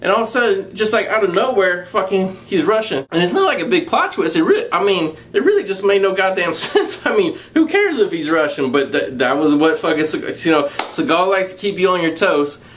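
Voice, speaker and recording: A man giving a casual, profanity-laden movie review, recounting the plot in a crude, mocking, animated way and laughing along. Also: high-pitched, brisk, hardly any pauses, slight background noise.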